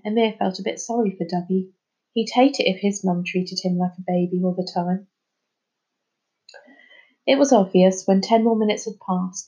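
Woman reading a children's story aloud. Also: slightly rough. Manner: lively, voices the children's lines higher and louder. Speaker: reader. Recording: slightly dull, lo-fi sound.

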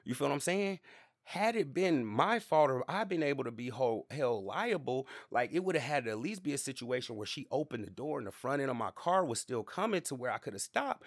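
Brief: male podcast host, easygoing slangy storyteller, mid-pitched voice, dry close sound. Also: animated, fairly quick, dry recording. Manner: laid-back, slangy, repeats fillers and asides to the listener. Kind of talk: casual storytelling monologue.

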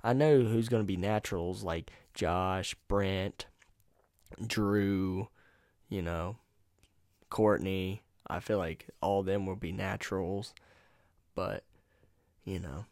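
A man's voice: sits low, fairly even intonation, slow, long pauses, darkish tone, no echo, studio quality. A man hosting his own solo podcast, rambling in a casual, profane, laid-back way into a USB microphone at home. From North Carolina. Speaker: podcast host.

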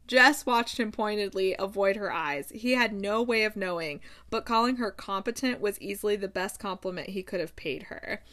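A woman with a fairly high voice gushes over a book she loves. She retells its scenes in a casual vlog and reads passages aloud as she goes. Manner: gushing, retells scenes with excitement. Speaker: book vlogger.

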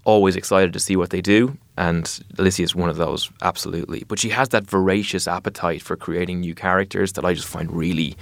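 A man's voice: low voice, fairly even intonation, fairly quick, creaky, few pauses, dry recording. A man, an actor being interviewed, talking in a thoughtful, rambling way with many fillers. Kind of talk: casual interview chat.

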